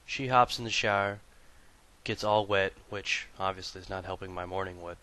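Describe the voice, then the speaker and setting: Gamer guy telling a story, foul-mouthed and jokey, goes from hushed to loud and hyped, punchy voice. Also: sits low, brisk. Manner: crude, profane joking banter; shifts from hushed storytelling to loud excited bursts. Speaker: gaming video host. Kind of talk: comic storytelling and gameplay commentary.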